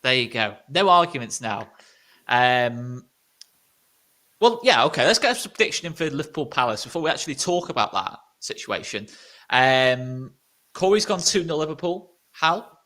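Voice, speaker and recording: A man's voice: mid-range voice, very animated, moderate pace, pushed and bright. A man hosting a casual football podcast, leading the questions and teasing his co-hosts. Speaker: host.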